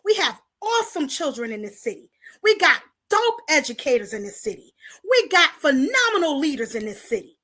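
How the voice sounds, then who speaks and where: Woman host from Paterson, New Jersey, impassioned preacher-style address to the community, bright and sharp voice. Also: sits high, sing-song, normal speed. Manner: preachy call-and-response, rallying the audience; talks straight to the viewers, repeating lines for emphasis. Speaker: host of a community talk show.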